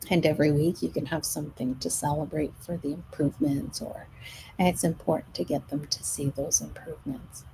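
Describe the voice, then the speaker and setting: A middle-aged woman, a stress management coach, talking gently to her audience on a live show and at times dropping almost to a whisper. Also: sits low, fairly even intonation, moderate pace, creaky, noisy background.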